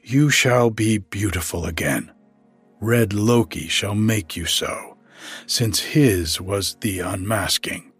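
Man doing a growling storybook thunder god, low voice, breathy, slow. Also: no echo, soft background music, heavily acted. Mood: stern. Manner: growling, commanding. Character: mighty angry male thunder god.

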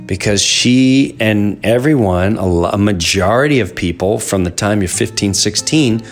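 A middle-aged man hosting a podcast, talking through an impassioned, preachy solo monologue. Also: on the low side. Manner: impassioned, preachy rant with emphatic swings. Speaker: podcast host.

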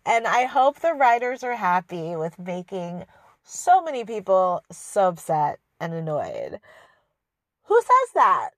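Sarcastic woman ranting slowly. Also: medium pitch, wildly swooping pitch, fairly bright tone, no room sound, studio quality. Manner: sarcastic, exasperated, laughs at own jokes. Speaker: podcast host reviewing a TV show. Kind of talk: casual ranting review.

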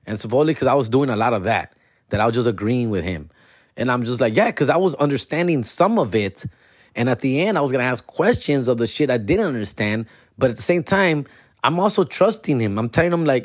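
A man in his forties telling a story in casual chat, slangy and profane, slipping into Spanish and doing animated impressions of people. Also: mid-range voice, quick pace, dry recording, clean studio sound. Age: 40s.

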